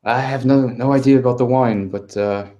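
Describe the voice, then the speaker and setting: A man's voice: medium pitch, fairly even intonation, normal speed, dark tone, muffled recording, close to an everyday voice. A man voicing a nervous, polite young boy who carries messages around a village. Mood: earnest. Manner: polite, hesitant, eager to please.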